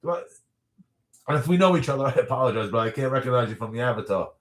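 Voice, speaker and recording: A man's voice: medium pitch, expressive, very fast, reverberant. A man in his thirties hosting a casual livestream, answering viewer questions in a rambling, chatty way with frequent laughs. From New York area. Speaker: livestream host.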